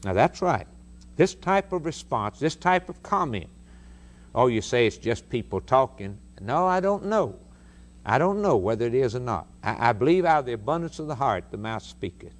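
A man's voice: mid-range voice, sing-song, moderate pace. A man preaching a sermon, emphatic and stressing points by repeating phrases.

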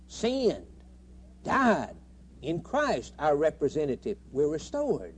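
A man's voice: fairly high pitch, very animated, measured pace, breathy edge. A man preaching a sermon with emphatic, rhythmic repetition.

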